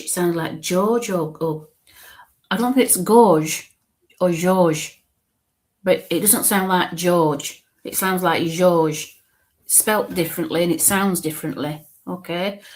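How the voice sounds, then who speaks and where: Halting woman giving a psychic reading. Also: fairly low pitch. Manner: halting, repeats herself, drags out names slowly, murmurs asides under her breath. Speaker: spiritualist medium. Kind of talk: live mediumship reading.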